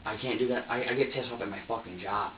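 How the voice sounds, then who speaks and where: A man's voice: medium pitch, steady tone, fast, far from the mic. An agitated young man stammers and swears through an emotional confession in a police interview room. He sounds set back from the microphone in a roomy space, and the recording is dull with a faint hiss underneath. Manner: agitated, profane, stammering and repeating himself. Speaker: suspect under police questioning.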